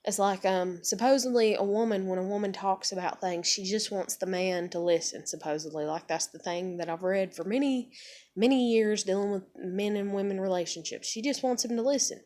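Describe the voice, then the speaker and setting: A woman's voice: medium pitch, a little fast, a little mellow. A woman in her thirties ranting angrily in a video blog, swearing a lot and filling her talk with "like". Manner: heavy swearing, filler "like". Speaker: vlogger. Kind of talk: angry opinion rant to camera.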